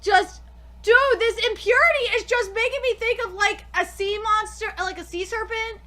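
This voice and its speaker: A young woman streaming a live comic reaction, gushing and excitable, swearing freely as she reads. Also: very high-pitched, normal speed.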